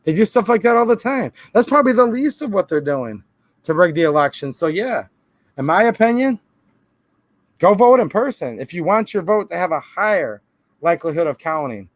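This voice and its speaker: A man's voice: high-pitched, sing-song, normal speed, dry recording. A man hosting a live stream, answering viewer comments in a rambling, emphatic way with defensive asides. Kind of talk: casual live-stream talk.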